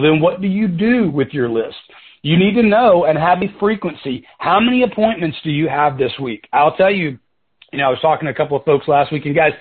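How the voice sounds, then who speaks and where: A man leading a coaching talk for his sales team on a conference call, casual and conversational, often calling them "guys" and wandering into side stories. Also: on the high side. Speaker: sales team leader and mentor. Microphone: telephone. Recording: tinny phone-line conference call.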